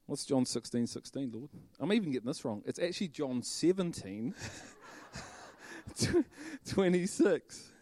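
Brief: male preacher, animated sermon delivery, dry close sound. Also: on the high side, a little slow, no echo. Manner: animated, bursts into loud shouting and laughter.

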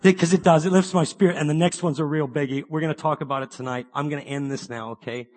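A man preaches a sermon, talking fast in a voice on the high side. He swings between excited bursts and quiet, earnest asides, asking many rhetorical questions.

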